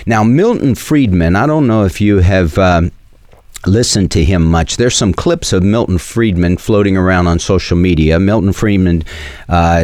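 Deep-voiced Southern man preaching commentary. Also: darkish tone, no echo, studio quality. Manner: preachy, earnest, with frequent fillers and restarts. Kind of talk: opinion commentary with scripture.

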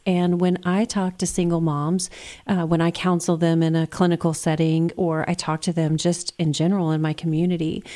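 A woman hosting a talk show, speaking in a measured, conversational way. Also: fairly low pitch, warm tone. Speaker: radio show host.

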